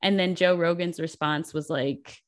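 A woman's voice: fairly low pitch, fairly even intonation, moderate pace. A woman in her twenties co-hosting a casual pop-culture chat, chatty with frequent likes and ums. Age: 20s. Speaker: podcast co-host.

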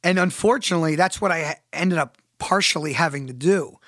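A man's voice: fairly high pitch, fairly quick, a bit bright, no room sound, studio quality. A man hosting a solo podcast monologue. He talks straight to his listeners with emphasis and asks rhetorical questions. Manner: emphatic, addresses listeners directly. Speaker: podcast host.

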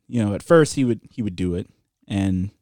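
A man's voice: fairly low pitch, animated, moderate pace, darkish tone, no echo, studio quality. A man casually telling a long story on a podcast, swearing and laughing along as he goes. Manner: laid-back storyteller, swears, laughs at his own stories. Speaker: podcast co-host.

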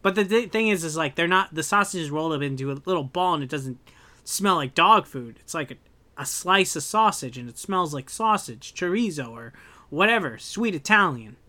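A young man in casual podcast chat, animated and ranting, swearing freely as he rants. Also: a little high, a little fast. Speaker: podcast co-host.

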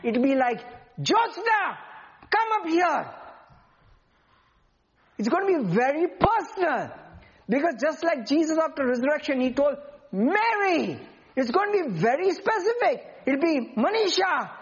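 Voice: high-pitched, very animated, moderate pace, highs cut off. A preacher delivering an emphatic sermon and often asking the congregation questions.

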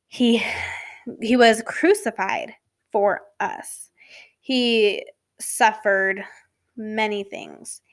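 A woman hosts a casual talk about faith, speaking at an unhurried, drawn-out pace. She rambles, stops to correct herself and drifts into asides. Now and then her voice sinks to a soft whisper on a key word. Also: mid-range voice. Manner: sometimes drops to a soft whisper for emphasis. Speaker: podcast host.

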